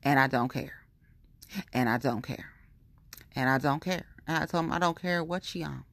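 A woman rants in a heated, profane monologue, circling back to the same complaints again and again. Her voice sits low, and it is recorded close and dry with no room sound around it. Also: moderate pace, vocal fry, dry recording. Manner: profane, heated, repetitive venting. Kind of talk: casual ranting monologue.

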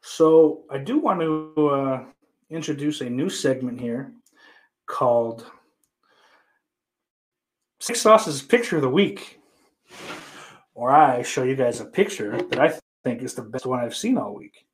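A man hosts a livestream, chatting casually with his viewers in a rambling, profane and joking way. His mid-range voice is animated but slow, with long pauses.

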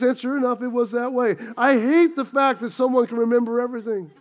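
Delivering a sermon, this middle-aged pastor has a very high voice and talks fast. His tone is chatty and self-deprecating, and he drifts into a funny personal anecdote.

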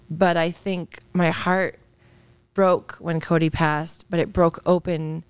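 A woman's voice: fairly low pitch, level tone, slow pace, smooth, no echo. A woman in her thirties, a psychologist guest on a podcast, talking earnestly and openly in a candid interview. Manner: earnest, open and reflective, with soft laughs.

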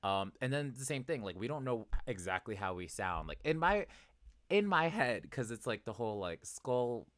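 A man co-hosting a podcast in casual chat, rambling with lots of fillers and animated asides. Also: medium pitch, moderate pace, no echo, studio quality. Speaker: podcast co-host.

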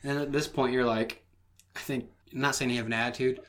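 A man's voice: medium pitch, fairly even intonation, fast, a bit bright, slight background noise. A young man co-hosting a podcast, telling a rambling, profane story with acted-out quotes. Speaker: podcast co-host. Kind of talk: casual chat.

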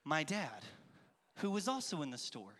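A man in his thirties, a children's pastor, gives a lively, playful sermon to a crowd of kids, acting out voices. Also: fairly high pitch, moderate pace. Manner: animated, playful, acts out voices and calls to the crowd. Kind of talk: lively kids' church sermon with storytelling. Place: large church hall with an audience. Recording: long hall reverb.

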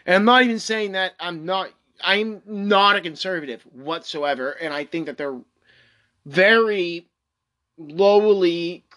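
A vlogger reads a news article aloud and breaks into sarcastic, swearing rants, repeating phrases mockingly between flat stretches of reading. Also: mid-range voice, a little slow. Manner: sarcastic, exasperated, swears often, mocking repetition; jumps between flat reading and loud outbursts. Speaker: commentator reacting to a news article.

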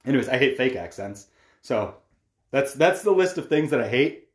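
A man's voice: mid-range voice, sing-song, normal speed. A man with a mid-range voice chats casually on a podcast. He rambles a bit with filler words and laughs easily. The sound carries a roomy echo. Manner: conversational, laughs often, uses "like" a lot. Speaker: podcast co-host. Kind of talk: casual chat.

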